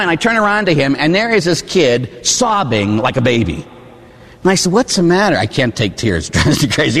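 A priest in his forties from Pittsburgh, preaching a sermon with animated storytelling and asides to the congregation. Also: a little high, fairly quick, in a large hall. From Pittsburgh, USA. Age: 40s. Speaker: Catholic priest. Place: church.

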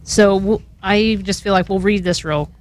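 A woman's voice: mid-range voice, moderate pace. A woman, a guest on a radio show, reading a litany aloud in an earnest, devout way, her voice catching with emotion. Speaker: radio guest leading prayer.

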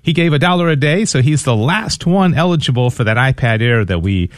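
A man's voice: medium pitch, lively intonation, fairly quick, no room sound. A man hosting a radio pledge drive in a studio, upbeat, explaining at length with fillers and restarts. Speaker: radio fundraiser host. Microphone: studio mic.

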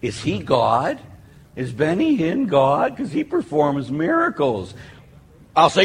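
Lively Catholic priest giving a talk. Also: male voice, a little high, measured pace, gravelly, breathy edge. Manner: animated storytelling with humor. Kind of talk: live sermon talk. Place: church or hall with a live audience. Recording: echoey hall with faint noise.

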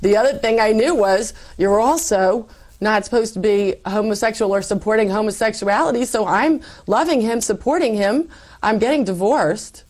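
A woman guest telling her faith story in an interview, animated and acting out her past self. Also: medium pitch, moderate pace. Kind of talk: personal faith testimony.

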